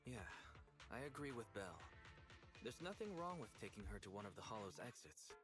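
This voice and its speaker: An actor voicing a cautious male companion in a video game who gives measured advice. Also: fairly low pitch, very animated. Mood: calm. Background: game music.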